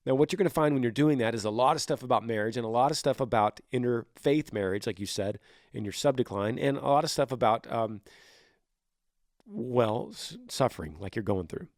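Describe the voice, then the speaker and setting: A man in his thirties hosting a faith podcast, answering a listener in earnest, animated casual talk with frequent restarts, sometimes acting out quoted voices. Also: mid-range voice, a little fast, no echo, clean studio sound. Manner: frequent restarts and repeated words. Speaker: podcast host.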